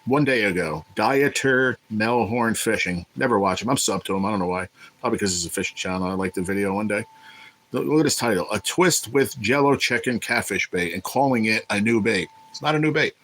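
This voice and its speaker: Low-voiced man ranting on a livestream. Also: brisk, a bit bright, low-quality recording. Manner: profane, irritated ranting. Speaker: livestream host. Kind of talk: casual livestream chat.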